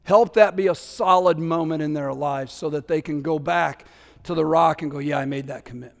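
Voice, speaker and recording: A man preaching in a fairly high voice, animated and conversational, playing out the voices in the scripture and drifting into casual asides. His words ring out with a long reverb, like a large sanctuary. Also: normal speed, gravelly. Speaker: pastor. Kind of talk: sermon.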